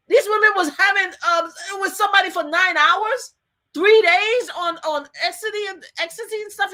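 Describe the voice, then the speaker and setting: Bright, high-voiced woman telling a story. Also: a little fast. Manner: lively, laughs often and acts out what people said. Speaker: survivor advocate guest. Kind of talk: animated interview storytelling.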